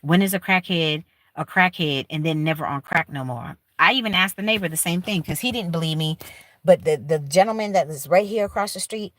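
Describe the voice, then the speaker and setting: Woman livestream host, emphatic and heartfelt, bright lowish tone, dry sound. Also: fairly quick, no echo. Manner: emphatic, heartfelt, talks straight to viewers. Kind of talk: casual livestream chat. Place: rented room in a shared house.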